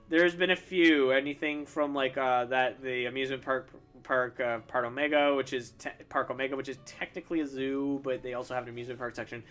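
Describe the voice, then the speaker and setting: A man's voice: medium pitch, steady tone, brisk, few pauses, a bit bright, clear, resonant tone, soft background music. A young man chatting casually while drawing on a stream, rambling and stumbling over restarts with self-deprecating laughs. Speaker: streamer answering chat questions while drawing. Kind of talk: casual chat.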